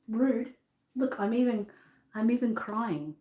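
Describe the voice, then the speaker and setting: In an echoey room, a middle-aged Australian woman presents dolls during a chatty live sale. Her medium-pitched voice is unhurried and a touch mellow, and her bubbly manner includes plenty of self-directed laughter.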